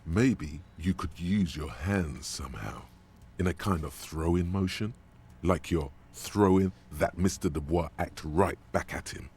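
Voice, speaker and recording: An actor voicing a grave, taunting inner-voice narrator in a video game. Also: male voice, deep voice, measured pace, a little mellow, slightly rough, full character voice. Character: ominous male inner-voice narrator. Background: faint game music.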